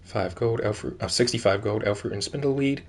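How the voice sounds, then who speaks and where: A man's voice: fairly low pitch, a little fast, a little hiss or hum. A man streaming a video game, chatting casually and reading in-game notes aloud, rambling with plenty of "like" and "um" fillers. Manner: rambling, heavy use of "like" and "um".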